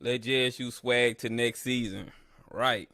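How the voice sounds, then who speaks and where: A man hosts a live sports listen-along stream, chatting casually with his viewers in a medium-pitched, fairly even voice that runs a little slow and sounds pushed and bright. He boasts and trash-talks rivals, then rants at the broadcaster, speaking straight to his chat. The studio recording is clean with no echo.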